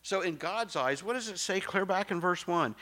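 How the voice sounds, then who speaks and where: A middle-aged male pastor preaching a sermon, emphatic and swinging from soft, low asides to loud exclamations. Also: animated, normal speed.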